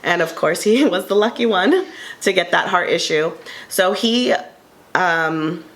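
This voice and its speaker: A woman co-hosting a casual table talk, telling a heartfelt personal story in an earnest way with many pauses and ums. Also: fairly low pitch, lively intonation, a bit bright. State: tearful at moments. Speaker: panel co-host sharing her story.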